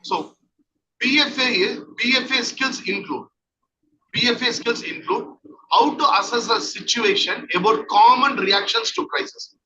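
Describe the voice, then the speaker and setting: A man's voice: extremely high pitch, unhurried, pushed and bright. A man, giving a training lecture as a counselling trainer and repeating his key points as he explains. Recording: distant dull lo-fi mic with faint noise.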